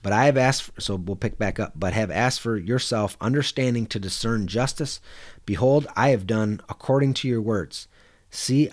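A man preaching a conversational sermon, reading Bible verses and explaining them in a plain, repetitive way with frequent "you know.". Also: fairly low pitch. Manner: conversational, repeats words and says "you know" often.

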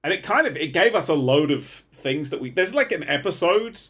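A man's voice: a little high, expressive, a little fast, fairly bright tone. A man co-hosting a podcast in casual, sweary chat, laughing often. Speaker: podcast co-host.

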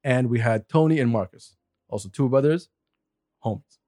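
A man in his forties from Saudi Arabia telling a story in casual chat, animated, laughing often and swearing freely. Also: medium pitch, moderate pace, no echo, studio quality. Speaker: guest.

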